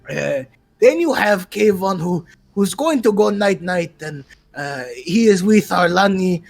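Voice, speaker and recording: A tabletop player voicing a boastful, eccentric masked male showman who recaps the last session in character, with theatrical shouted outbursts. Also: medium pitch, expressive, unhurried, vocal fry, soft background music.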